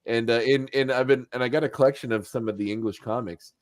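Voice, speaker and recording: A man hosting a casual podcast, recapping an animated episode as an animated storyteller who acts out quotes and chuckles as he goes. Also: mid-range voice, fast, dry recording, studio quality. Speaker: podcast host.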